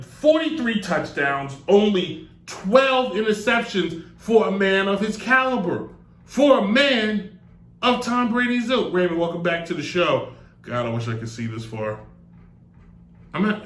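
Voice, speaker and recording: A man hosting a live sports talk show, rambling and joking in a loose, animated way. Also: sits high, unhurried. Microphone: desk mic on a stand. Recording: echoey room.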